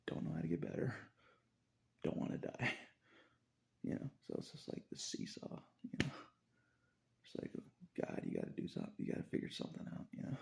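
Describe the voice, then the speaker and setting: A very low, gravelly man's voice, dark in tone, rising and falling widely as he talks. He rambles through a confessional monologue, circling back to the same phrases and chuckling softly between thoughts.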